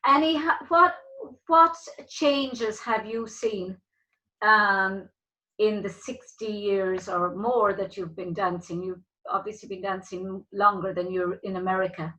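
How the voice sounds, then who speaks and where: A woman's voice: mid-range voice, fairly even intonation, a little slow, bright, forceful tone, poor audio. A woman hosting a casual interview show, friendly, chipping in with teasing remarks. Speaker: talk show host.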